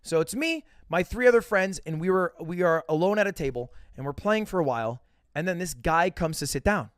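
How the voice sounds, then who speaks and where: A man's voice: a little high, expressive, a little fast, dry recording, studio quality. A man telling a casual, profane, self-mocking story as a podcast host.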